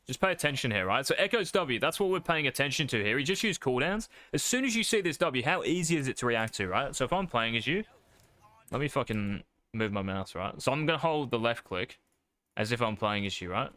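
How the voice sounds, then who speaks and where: A man's voice: medium pitch, animated, fairly quick, pushed and bright. A man coaching a player over a live stream, blunt and profane, calling his student mate. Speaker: game coach.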